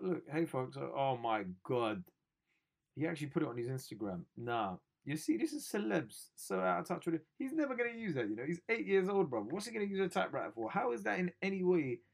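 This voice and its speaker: A man's voice: a little high, vocal fry. A young man, riffing sarcastically on news stories as host of a comedy show. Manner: joking, sarcastic, slangy.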